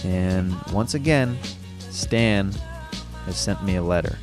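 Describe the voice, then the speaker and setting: Excitable young male podcast host. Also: low voice, slow, music in the background. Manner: excitable, chatty, laughs often. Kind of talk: casual solo podcast chat.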